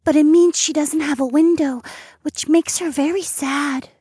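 A man putting on a breathy, tearful young woman. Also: extremely high pitch, steady tone, unhurried, mellow, no room sound, clean studio sound, pitched above the performer's own voice. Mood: fearful. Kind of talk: audiobook narration.

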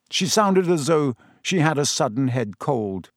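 A male narrator reading a storybook aloud in a measured way, his voice fairly high for a man and quite lively. It sounds dry, as if close to the mic. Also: no echo. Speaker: audiobook narrator.

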